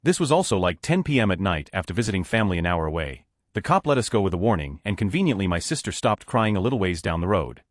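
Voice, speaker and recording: A low-voiced man narrates Reddit stories at a fast clip. His pitch moves a lot as he reads, and the recording is dry and close. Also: big pitch swings, no echo. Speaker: story narrator. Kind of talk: reading Reddit stories aloud.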